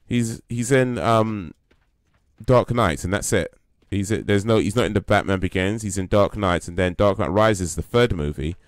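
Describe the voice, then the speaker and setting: A man's voice: on the low side, normal speed, no room sound, studio quality. A man casually chatting while he streams a game, rambling with plenty of fillers. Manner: rambling, lots of fillers, joking. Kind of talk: casual live-stream chat.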